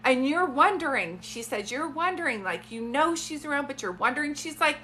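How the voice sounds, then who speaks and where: Bright chatty woman doing a reading on a phone livestream, slight background hiss. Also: high-pitched, animated, brisk. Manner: chatty, warm-toned, rambling asides. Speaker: psychic medium. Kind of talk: live-stream reading.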